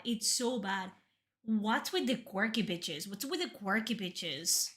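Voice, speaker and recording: A woman's voice: medium pitch, lively intonation, takes it slowly, fairly bright tone. A young woman streaming a game reaction, talking bluntly and emphatically with heavy swearing.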